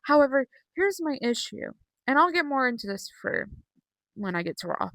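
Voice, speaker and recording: A woman's voice: high voice, very animated, normal speed, gravelly, a bit bright, no room sound, poor audio. A young woman chatting casually from her bedroom, rambling with many fillers as she recaps wrestling shows. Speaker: wrestling vlogger. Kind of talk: casual chat.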